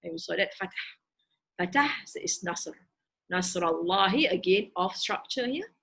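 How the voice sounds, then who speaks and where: Husky-voiced woman teaching word by word. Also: fairly low pitch, animated, a bit bright, rough recording. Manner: halting, explaining word by word with many fillers and restarts. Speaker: Quranic Arabic teacher. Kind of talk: recorded grammar lesson.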